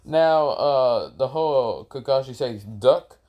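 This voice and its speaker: A man tells a fan story off the cuff, in a loose, rambling way full of fillers, restarts and swearing. His voice sits at a middling pitch for a man. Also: a little slow, dull audio. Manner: rambling, with many fillers and profanity. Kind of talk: casual story retelling.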